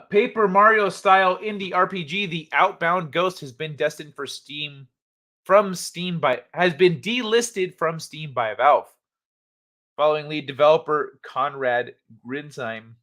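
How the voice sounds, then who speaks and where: Young guy streamer, bright voice, reads news and chat, swears a lot, super casual. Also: mid-range voice. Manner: chatty, swears casually, reads articles with asides. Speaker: livestream host.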